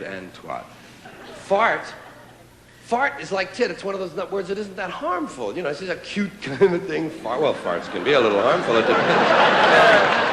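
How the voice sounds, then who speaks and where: Man doing a lively stand-up routine. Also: fairly high pitch, heavy background noise. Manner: riffing, mock-indignant, bursts of loud shouting. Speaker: stand-up comedian. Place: live comedy stage before an audience. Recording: old live recording, roomy hall with audience laughter. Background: audience laughter.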